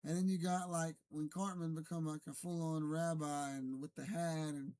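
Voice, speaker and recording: A man's voice: a little high, level tone, normal speed, dark tone. A man talking alone to camera in an unscripted, argumentative monologue, rambling and correcting himself as he goes. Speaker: streamer. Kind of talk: unscripted solo rant to camera.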